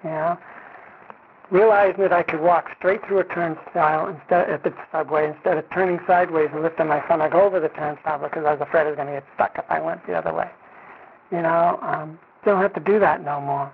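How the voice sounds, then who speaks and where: At a recovery meeting, a man shares his personal testimony conversationally, often saying "you know" and acting out what people said to him. His voice is on the high side, steady, fairly quick, and creaky, heard over a tinny phone line with slight background noise.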